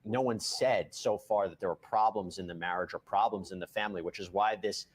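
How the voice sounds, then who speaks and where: A man hosting a live news commentary show, animated and quick, often jumping in over his guest. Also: on the low side, a little hiss or hum.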